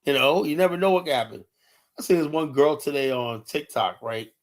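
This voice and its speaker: A man's voice: fairly high pitch, brisk. Blunt, profane man ranting on stream. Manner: fillers like "you know" throughout. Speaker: live streamer. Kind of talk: heated casual rant.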